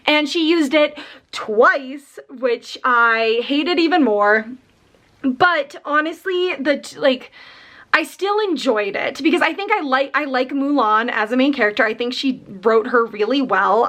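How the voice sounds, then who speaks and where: A young woman vlogging about books in casual chat, animated and full of fillers, getting exasperated as she rants. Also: fairly high pitch. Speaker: book vlogger.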